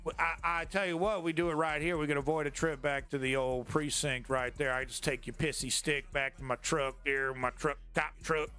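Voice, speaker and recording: A man's voice: a little high, fairly even intonation, moderate pace, hardly any pauses, sharp tone, clear, resonant tone, faint music behind. A man voicing a creepy male small-town cop who keeps apologizing in a drawling, mock-polite way. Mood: mock-apologetic.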